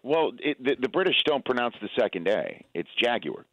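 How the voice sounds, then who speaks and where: A man's voice: medium pitch, very animated, fairly quick, no echo, highs cut off. An American man, a sports broadcaster, chatting as a radio guest in a joking, rambling way with many restarts. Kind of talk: casual radio interview chat.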